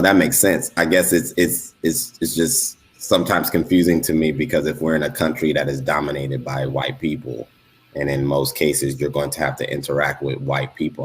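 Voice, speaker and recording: A man's voice: a bass voice, slight background noise. A man from Los Angeles on a podcast, asking questions hesitantly, with fillers and restarts. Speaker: podcast co-host. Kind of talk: casual discussion.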